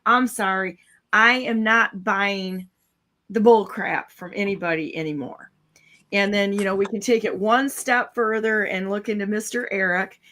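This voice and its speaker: A woman's voice: mid-range voice, a little slow, bright, forceful tone. A woman hosting a casual talk show, talking bluntly and cynically in long, rambling runs. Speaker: show host.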